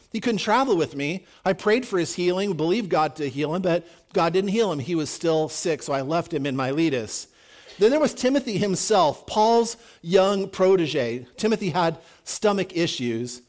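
A man preaching a sermon in a conversational, emphatic way, acting out quotes as he goes. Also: on the high side. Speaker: pastor.

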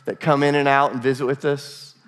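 A man's voice: mid-range voice, flat delivery, a little fast, clean tone. An American man preaching a sermon in a conversational way, with laughing asides and acted-out dialogue. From United States. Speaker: pastor.

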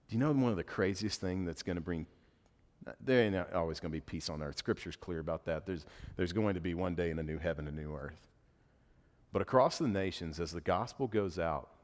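Conversational male preacher in a reverberant hall. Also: lowish voice. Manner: conversational preaching, quotes imagined speech. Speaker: pastor. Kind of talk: sermon.

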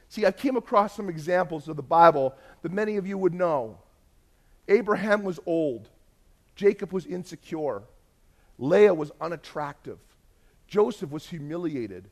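A man preaching a sermon, telling a story and swinging between hushed, intimate moments and loud, emphatic lists. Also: a little high. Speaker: pastor.

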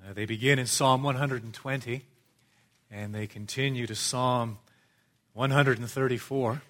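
A middle-aged man delivers a sermon in a church. He speaks in a measured, earnest way, lifting his voice for emphasis and sinking to soft, low asides. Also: steady tone. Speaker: preacher.

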